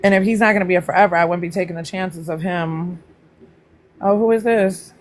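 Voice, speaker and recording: Woman chatting on her live stream, greets folks by name, goes up high and playful. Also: steady tone, fairly quick, slight background noise. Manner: pitch jumps up high when greeting people. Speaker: livestream host. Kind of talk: casual livestream chat with viewers.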